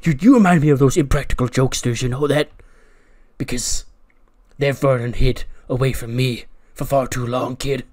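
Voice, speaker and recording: A man voicing a menacing adult male wrestler who barks threats in a loud voice. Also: medium pitch, steady tone, moderate pace, natural voice. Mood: threatening.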